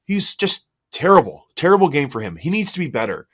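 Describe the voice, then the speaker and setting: A hoarse man co-hosts a hockey podcast and tears into a defensive play, asking question after question in exasperation. His pitch swings widely as he gets worked up. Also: big pitch swings, fairly quick, a bit bright. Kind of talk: heated sports analysis chat.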